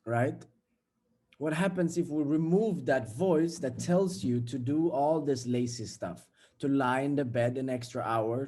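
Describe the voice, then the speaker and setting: A man's voice: medium pitch, mellow. A young man giving a casual, blunt motivational talk, swearing freely and acting out everyday scenes. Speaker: self-development vlogger.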